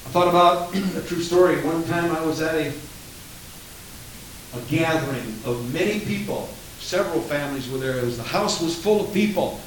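A man preaching a sermon in a dramatic manner, swinging from loud to hushed, recorded in an echoey hall from far off. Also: a little high, normal speed, slight background noise.

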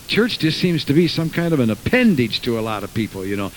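Male pastor, fervent church sermon with asides, mid-pitched, faint hiss. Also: very animated, brisk, few pauses, poor audio. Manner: fervent preaching, many asides and restarts. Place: church sanctuary.

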